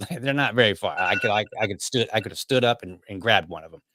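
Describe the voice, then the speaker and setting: A man's voice: on the low side, expressive, quick pace, noisy background. A man hosting a podcast, telling a story casually with many restarts and asides. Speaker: podcast host.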